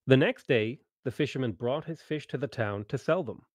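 A man narrating a tabletop game story over an online voice call, reading steadily and now and then clearing his throat. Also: medium pitch, moderate pace, a little mellow, dry recording.

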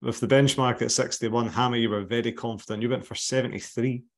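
A man's voice: medium pitch, fairly even intonation, a little fast. A Scottish man hosting a casual podcast chat, wry and teasing, often laughing. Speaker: podcast host.

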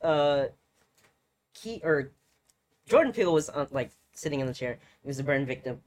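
A man's voice: fairly high pitch, moderate pace. A young man co-hosting a podcast, telling stories in a loose, swearing, self-mocking way. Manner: animated, swearing storyteller, laughs at himself. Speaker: podcast co-host. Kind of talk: casual chat.

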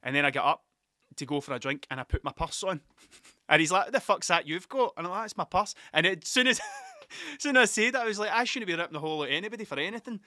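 A man's voice: high-pitched, sing-song, fast, pushed and bright, no room sound, clean studio sound. A Scottish man, a musician, telling rambling, sweary stories about gigs in a casual monologue, often laughing at himself.

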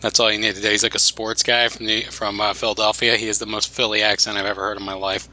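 A man in casual podcast chat, joking, swearing and cutting in quickly. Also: fairly low pitch, flat delivery, pushed and bright, poor audio. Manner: joking, swears, rapid interjections. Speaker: podcast co-host.

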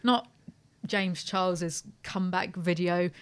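A woman's voice: fairly low pitch, fairly even intonation, slow, clear, resonant tone. A woman hosting a podcast in casual, sweary chat, laughing often. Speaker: podcast host.

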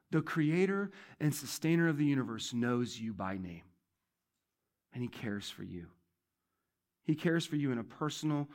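A male pastor giving a sermon in a church, talking conversationally, repeating key phrases and swinging between loud emphasis and quiet asides. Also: medium pitch.

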